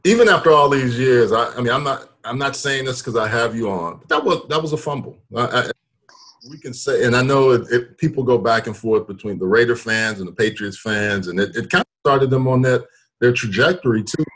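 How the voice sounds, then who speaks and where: A man's voice: mid-range voice, fairly quick, fairly bright tone. A man hosting a sports talk interview, easygoing and rambling, chuckling as he asks questions. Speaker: host.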